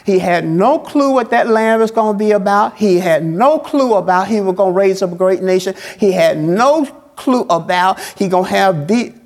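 A man's voice: high voice, lively intonation, normal speed, few pauses. A man preaching a sermon as pastor, in a colloquial, folksy style, repeating phrases in a call-and-response cadence.

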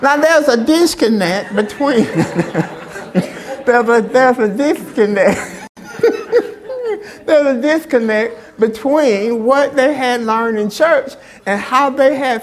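A woman delivers a call-and-response sermon in a church, her voice sitting at a middling pitch. She keeps tossing questions out for the congregation to answer. She hammers her points home by repeating phrases. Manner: prompts the congregation to answer back. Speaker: preacher.

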